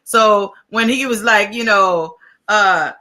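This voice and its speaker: A woman's voice: medium pitch, takes it slowly, pushed and bright. A woman co-hosting a podcast, chatty and emphatic as she tells a story in casual talk. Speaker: podcast co-host. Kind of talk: casual chat.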